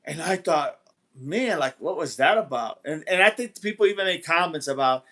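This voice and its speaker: A man's voice: on the high side, expressive, moderate pace, a bit bright. A man hosting a casual livestream who rambles, repeats himself and greets viewers from the chat. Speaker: livestream host. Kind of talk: casual live-stream talk, reading chat.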